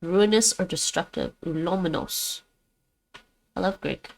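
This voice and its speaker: A woman with a somewhat low voice practices words on a live stream. She repeats each word after the app and thinks aloud about accents and stress as she goes. Her talk is relaxed and unscripted. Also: normal speed, creaky, low-quality recording. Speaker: streamer learning languages.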